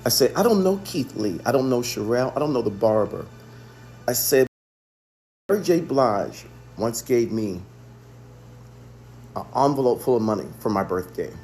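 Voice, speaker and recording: A man's voice: medium pitch, animated, normal speed, pauses often, a little mellow. A man, a chef, telling the story of a phone call in an earnest monologue, often repeating himself for emphasis. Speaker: chef and restaurant owner.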